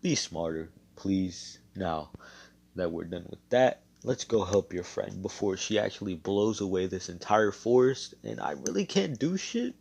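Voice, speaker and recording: A man's voice: low-pitched, lively intonation, a little slow, vocal fry, darkish tone, breathy edge, exaggerated voice. A man voicing a brash, carefree young male hero in a casual, slangy way, improvising a fan story. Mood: exasperated. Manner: cocky, laid-back, slangy.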